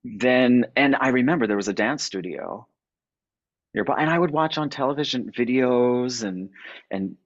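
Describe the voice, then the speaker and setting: A man telling a personal story, halting and repeating words as he goes. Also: mid-range voice, animated, dry recording, dull audio. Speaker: podcast guest.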